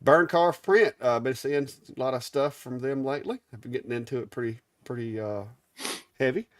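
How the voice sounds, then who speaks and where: Middle-aged Southern man with an Alabama accent, easygoing live-show co-host, mid pitch, dry and close. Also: brisk, dry recording. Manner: easygoing drawl, stumbles over names. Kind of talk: casual live-stream chat.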